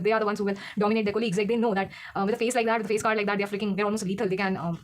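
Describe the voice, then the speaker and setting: A woman's voice: medium pitch, rapid-fire, few pauses, a little hiss or hum. A woman doing a casual tarot reading, rambling and correcting herself as she goes, with frequent laughs. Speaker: tarot reader.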